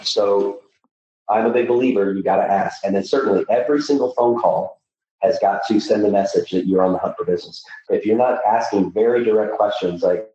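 A man's voice: fairly low pitch, fairly even intonation, fairly quick, warm tone. Emphatic middle-aged male sales coach, echoey. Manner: emphatic, coaching, lots of restarts. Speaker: sales coach for loan officers. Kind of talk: podcast conversation. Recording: echoey, dull, distant mic with faint noise.

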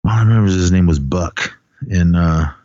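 A man with a very low voice rambles through a casual podcast chat about films, laughing often and filling pauses with "uh" and "um." The sound is dry and a bit dull, as if on a modest home mic. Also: dark tone, no echo. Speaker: podcast co-host.

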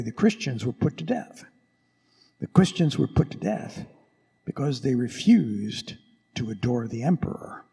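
A priest giving a Christmas Eve homily in a dramatic storytelling manner, recorded in a large church. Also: male voice, medium pitch, gravelly, mellow, husky. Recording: echoey church with long reverb.

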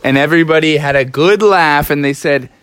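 A woman's voice: low voice, fairly quick, clean tone. A woman improvising a playful, chatty story for children.

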